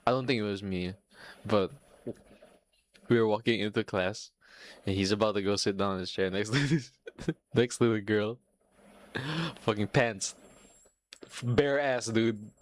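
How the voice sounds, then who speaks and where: A man's voice: mid-range voice, no room sound. Casting note: young male podcast host, casual storyteller, swears a lot, laughs through his lines, restarts often, dry close mic. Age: young adult.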